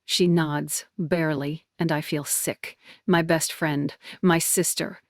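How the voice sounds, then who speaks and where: Woman, 20s, intense first-person story narration, low-ish pitch. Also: steady tone, takes it slowly, no echo, studio quality. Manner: emotional, intense.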